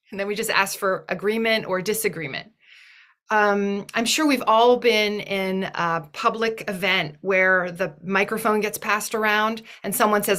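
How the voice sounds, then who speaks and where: A woman's voice: medium pitch, normal speed, pushed and bright. A woman giving a thoughtful, earnest talk in a webinar, often restarting her phrases as she works through an idea. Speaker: webinar guest speaker.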